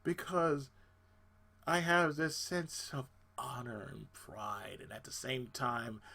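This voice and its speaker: With a medium-pitched voice, a slow pace, and vocal fry, a man rants casually on his channel about a personal story. He's exasperated and animated, swearing freely throughout.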